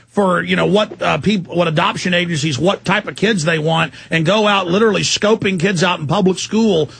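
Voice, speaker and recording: A man hosting a talk radio show, forceful and emphatic, cutting in on his guest. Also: high voice, normal speed, vocal fry.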